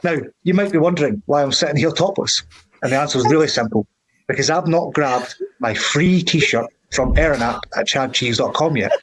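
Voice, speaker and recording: Scottish man, comic sponsor read, cheeky and playful, slightly high voice. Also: fairly quick, poor audio. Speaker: sponsor segment presenter.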